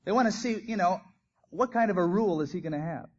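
A man's voice: sits high, expressive, quick pace, husky. A man preaching a sermon, telling stories with animation and acting out the quoted lines. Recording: dull lo-fi recording.

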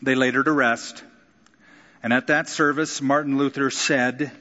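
A man's voice: a little slow, dull audio. Man preaching a sermon in a large hall. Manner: expressive preaching, acting out quotes with sudden rises in pitch. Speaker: pastor.

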